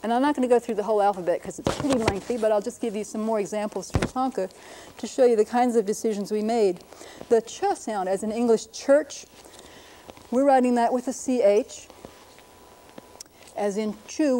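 A woman's voice: fairly high pitch, normal speed, mellow, a little hiss or hum. A middle-aged woman linguist giving a patient, lightly humorous lecture on writing systems. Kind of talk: classroom-style lecture.

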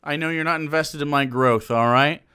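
A man's voice: fairly high pitch, moderate pace, sharp tone, clean tone. A man streaming live, reacting to a clip in a sarcastic, profane rant.

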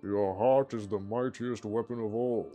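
A man voicing a solemn, mellow game guide. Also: fairly low pitch, fairly even intonation, soft background music, close to an everyday voice. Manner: slow, measured warnings. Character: solemn wise male guide, calm and grave. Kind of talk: video game voice acting.

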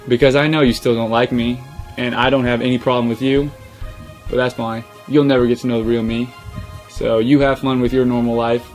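A young man in a personal vlog to his followers, earnest and choked up, pausing often with "um". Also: medium pitch, darkish tone. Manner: earnest, emotional, many pauses and "um"s. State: choked up, near tears. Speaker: social media creator. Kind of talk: personal vlog talking to camera.

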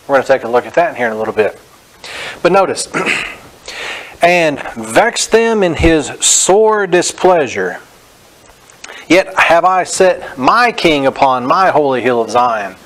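A man preaching a Bible-teaching sermon, reading scripture slowly and stressing each phrase, then correcting common beliefs in a direct, plain way. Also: mid-range voice, fairly bright tone, poor audio. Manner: direct, corrective, frequent "notice". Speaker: pastor.

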